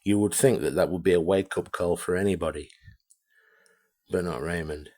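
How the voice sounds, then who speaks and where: Man with a very deep voice for a blunt, profane vlog rant. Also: moderate pace, darkish tone. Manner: blunt, heavily profane, repetitive. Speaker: amateur radio vlogger. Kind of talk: ranting video monologue.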